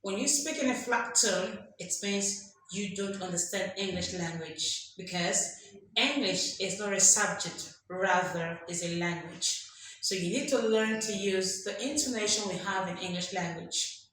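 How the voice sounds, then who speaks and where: A woman's voice: mid-range voice, measured pace, a bit bright. A woman teaching an English lesson, emphatic, drilling examples aloud and quizzing her listeners. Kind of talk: classroom lesson. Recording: strong echo, faint background noise.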